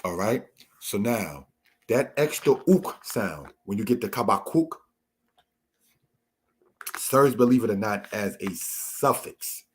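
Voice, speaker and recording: A man teaching a Torah lesson, explaining word meanings in a measured way and addressing his listeners as brothers and sisters. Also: fairly low pitch, animated, a little hiss or hum. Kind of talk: slow spoken Bible lesson.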